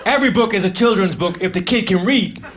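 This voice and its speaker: A high-voiced man delivers deadpan one-liners and half-mumbled asides in a stand-up set. The live club recording carries clear audience noise and laughter underneath him. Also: quick pace. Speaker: stand-up comedian. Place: comedy club stage.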